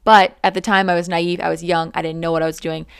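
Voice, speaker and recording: A young woman casually telling a personal story, chatty and animated, with many "like" fillers. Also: fairly low pitch, quick pace, vocal fry, smooth, no echo, clean studio sound.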